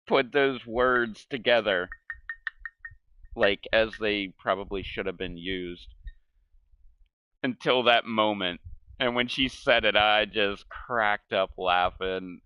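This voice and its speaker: Rambling man, bright low voice. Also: takes it slowly, long pauses, smooth, no echo. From United States. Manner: rambling, profane, laughs at his own stories. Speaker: gaming streamer. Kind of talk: casual chat while gaming. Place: home gaming setup.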